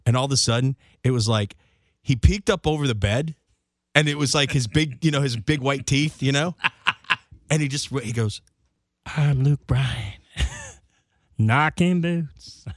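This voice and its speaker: A man's voice: mid-range voice, moderate pace, no room sound, clean studio sound. A man co-hosting a radio show, telling a rambling, self-mocking story in casual banter. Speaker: radio host.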